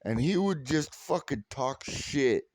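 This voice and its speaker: A man's voice: medium pitch, animated, slow pace, dry recording. A man from California telling a heated, sarcastic story full of swearing, in a profane rant. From California, USA. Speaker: vlogger.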